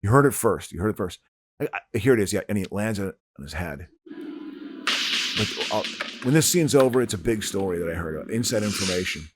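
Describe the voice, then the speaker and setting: Excitable, stammering male podcast host. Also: fairly low pitch, fairly quick, slight background noise. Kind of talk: casual chat while watching a movie.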